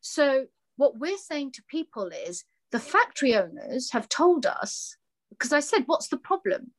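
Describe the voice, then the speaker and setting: A woman's voice: high-pitched, big pitch swings, measured pace. A woman, speaking as a guest founder about her fashion brand, emphatic and impassioned, often acting out conversations. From London. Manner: impassioned, emphatic, acts out dialogue in quotes. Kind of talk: passionate interview talk.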